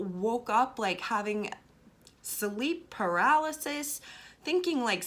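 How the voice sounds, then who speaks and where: A woman's voice: medium pitch, fairly bright tone. A young woman with a Boston accent, a tarot reader telling a personal story in a candid, rambling way, swearing freely and saying "like" often. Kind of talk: casual storytelling vlog.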